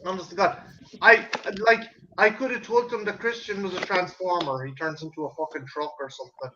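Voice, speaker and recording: A man telling a family story in casual chat, animated and swearing, acting out his parents' voices. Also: sits high, fairly quick, dull audio, background noise. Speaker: host.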